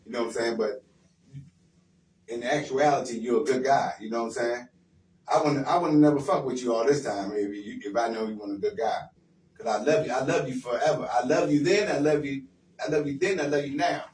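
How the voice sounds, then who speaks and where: A man's voice: mid-range voice, a little fast, a little mellow. Blunt, encouraging man on the radio. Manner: blunt, encouraging street talk with repetition. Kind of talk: casual radio talk. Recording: roomy sound from far off the mic with faint noise.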